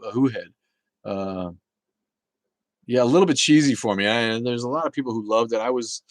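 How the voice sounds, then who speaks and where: A man hosting a casual live talk show, rambling and swearing, with many halting restarts as he answers viewer chat. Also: lowish voice, dry recording, low-quality recording.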